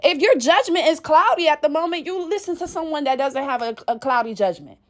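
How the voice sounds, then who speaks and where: A woman vlogger delivers a casual, blunt, profane rant, telling everyday stories with animated energy. Her voice sits high and moves briskly.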